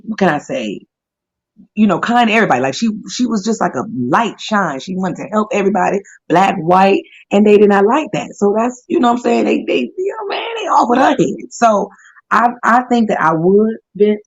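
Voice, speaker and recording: A woman's voice: medium pitch, husky. A woman co-hosting a podcast in casual chat, blunt and emphatic with slangy phrasing. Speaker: podcast co-host. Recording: dull lo-fi recording.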